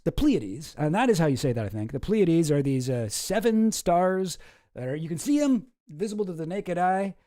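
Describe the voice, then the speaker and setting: Mellow, wry, rambling male commentator. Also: on the high side, dry recording, clean studio sound. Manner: rambling, self-interrupting, wry. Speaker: YouTube commentary host. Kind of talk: casual comedic commentary.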